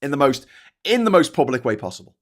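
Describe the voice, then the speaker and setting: A man's voice: very animated, fast talker. A man hosting a casual monologue, swearing a lot as he rants. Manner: sweary, ranting, mimics in high squeals. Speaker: host.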